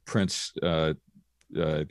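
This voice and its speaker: A man co-hosting a casual podcast, speaking in a measured, hesitant way with many fillers. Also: rumbling low, steady tone, dry recording, clean studio sound. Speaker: podcast co-host. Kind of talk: casual chat.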